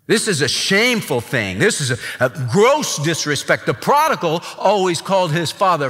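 A man preaching a sermon as pastor, emphatic and animated. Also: on the high side, moderate pace, long reverb tail.

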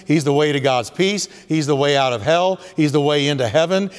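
Male pastor, high voice, hammers points by repetition, long church reverb. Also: fairly quick, few pauses, smooth. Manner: emphatic, repetitive preaching. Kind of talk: sermon.

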